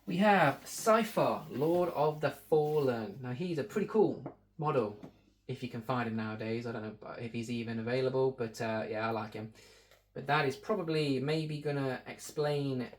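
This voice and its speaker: A man's voice: medium pitch, normal speed. Rambling man, joking asides. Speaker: shop staff presenter. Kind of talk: casual unboxing chat.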